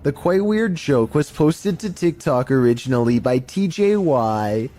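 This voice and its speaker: A man narrating a compilation of creepy camera clips in a measured, scripted storytelling manner. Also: on the high side, animated, mellow. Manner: measured, mildly spooky storytelling. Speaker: narrator of a paranormal clip compilation.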